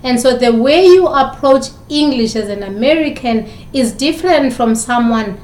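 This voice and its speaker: A woman's voice: high-pitched, animated, normal speed, darkish tone, reverberant. A woman from South Africa with a South African accent, a communication instructor giving recorded lecture commentary full of probing rhetorical questions.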